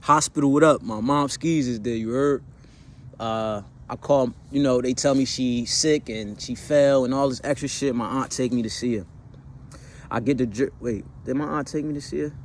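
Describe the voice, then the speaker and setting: A man's voice: medium pitch, moderate pace, a little mellow, a little hiss or hum. A man in his twenties casually telling a personal story, slangy and profane, rambling with fillers and self-corrections.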